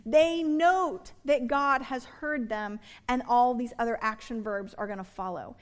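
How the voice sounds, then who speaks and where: Woman preacher with a high voice, chatty and animated, with playful sermon asides. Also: unhurried.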